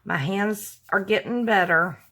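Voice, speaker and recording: A woman with a drawl chats to her viewers while opening a gift package. Her pace is unhurried and her pitch sits mid-range. She gasps and gushes, calling her audience y'all. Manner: gushing, excitable, gasps and exclaims, addresses viewers as y'all. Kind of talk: casual unboxing chat. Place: home at night.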